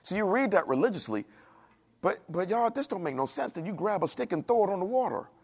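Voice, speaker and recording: Gravelly-voiced preacher with a dialect. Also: male voice, high voice, fairly quick. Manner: animated preaching, asks the congregation questions, acts out quoted voices. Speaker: pastor. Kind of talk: sermon.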